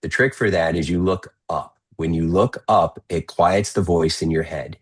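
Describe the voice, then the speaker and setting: A man speaking as a podcast guest, giving energetic, persuasive coaching advice in a conversational way. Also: deep voice, moderate pace, husky. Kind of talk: podcast interview talk.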